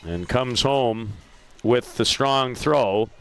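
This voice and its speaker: A man calling a softball game play by play, lively, with self-deprecating asides about player names. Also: medium pitch, very slow, clear, resonant tone. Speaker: play-by-play announcer. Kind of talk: sports commentary.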